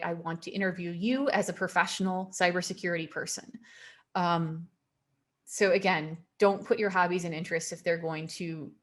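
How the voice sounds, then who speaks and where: A woman presenting a career webinar over a video call, emphatic and given to repeating her warnings with a quick laugh. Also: lowish voice.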